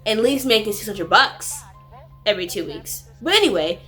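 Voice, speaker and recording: A woman's voice: mid-range voice, big pitch swings, normal speed, pushed and bright. Chatty woman retelling a movie. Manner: chatty, filler-heavy retelling with sassy asides. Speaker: movie reviewer. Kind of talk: casual movie review vlog. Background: faint background music.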